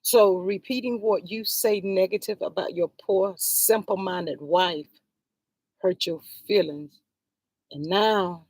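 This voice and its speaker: A woman's voice: medium pitch, slow pace, a little mellow, no room sound. A woman giving heated livestream commentary on a reality show, scolding the people she talks about directly and sighing in exasperation. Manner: exasperated, sighs "Lord have mercy".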